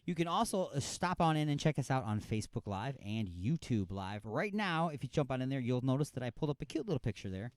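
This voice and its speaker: A man's voice: mid-range voice, very animated, fast talker, hardly any pauses, dry recording, clean studio sound. A man co-hosting an internet radio show, chatting casually and joking around. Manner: joking, jumps between goofy accents. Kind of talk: casual podcast banter.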